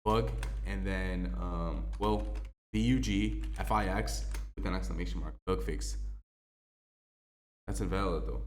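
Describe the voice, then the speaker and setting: Casual young male gaming creator, low voice, chatty code walkthrough, faint hiss underneath. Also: a little slow, darkish tone. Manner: spells out codes letter by letter, chatty with many ums. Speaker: gaming YouTuber.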